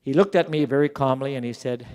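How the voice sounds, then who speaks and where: A middle-aged man giving a conference keynote, emphatic, slowing down and repeating words to stress his points. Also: mid-range voice, darkish tone, smooth. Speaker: keynote speaker at an education summit. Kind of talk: conference speech.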